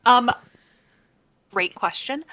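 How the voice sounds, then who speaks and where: A woman narrating as dungeon master, with brisk narration, frequent fillers and mid-sentence corrections. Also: on the high side, pushed and bright. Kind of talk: narrating a tabletop game.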